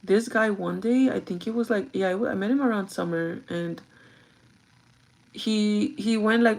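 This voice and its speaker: A woman's voice: medium pitch, moderate pace, creaky, darkish tone. A young woman rambles through a personal story for her vlog. She talks casually, drops in plenty of fillers, and slips between languages mid-sentence. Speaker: vlogger. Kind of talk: casual chat.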